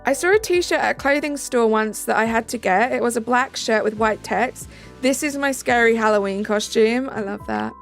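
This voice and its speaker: Chatty British woman, gravelly edge. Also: on the high side, very animated, normal speed, few pauses. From Britain. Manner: chatty, reads out and answers chat, thanks viewers. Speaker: live-stream host. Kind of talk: casual live-stream chat. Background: faint background music.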